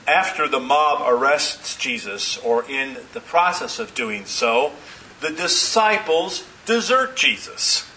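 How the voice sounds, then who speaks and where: A man's voice: on the high side, animated, slow pace, sharp tone, recorded from a distance, a little hiss or hum, low-quality recording. A man preaching a sermon, retelling scripture with dramatic, emphatic repetition.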